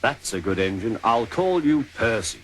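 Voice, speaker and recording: A man's voice: lowish voice, very animated, slight background noise. A man voicing a fussy, commanding railway director in a storybook reading. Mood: brisk. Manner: brisk, commanding.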